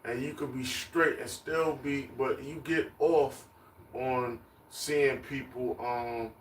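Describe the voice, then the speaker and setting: A man's voice: mid-range voice, fairly even intonation, slow, slight background noise. A man preaching on the street, emphatic and repetitive, chanting lists of words. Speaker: street teacher. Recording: echoey, distant mic, faint ambience.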